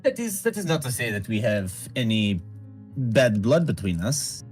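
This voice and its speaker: A man's voice: medium pitch, very animated, moderate pace, soft background music. A man role-playing his character in a tabletop game, speaking formally without contractions, often stumbling and repeating words.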